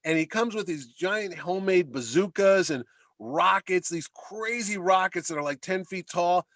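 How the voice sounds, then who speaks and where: A middle-aged man co-hosting a podcast, chatting casually and telling animated, rambling stories. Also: high-pitched, moderate pace, no echo. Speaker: podcast co-host. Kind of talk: casual chat.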